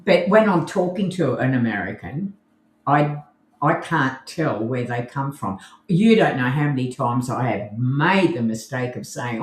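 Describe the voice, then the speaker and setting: A woman with an Australian accent co-hosting a podcast in casual chat, chatty and quick to laugh, often restarting with repeated words. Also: a bass voice, expressive, echoey room. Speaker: podcast co-host.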